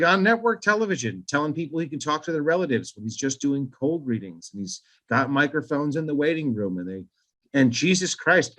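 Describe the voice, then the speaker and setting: Rambling, profane podcast host man. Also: a little high. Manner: rambling, profane, animated storyteller with many asides. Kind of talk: casual podcast chat.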